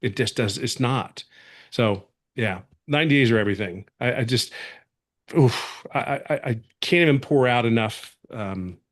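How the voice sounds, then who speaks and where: A man's voice: mid-range voice, normal speed, a bit bright. Earnest rambling man giving a testimonial. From from California. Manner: earnest, rambling, with many restarts. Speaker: webinar guest speaker. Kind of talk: testimonial talk on a webinar.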